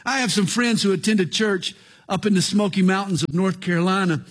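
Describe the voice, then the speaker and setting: A middle-aged man, preaching a radio sermon as pastor, earnest with dramatic swings in pitch and loudness. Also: brisk.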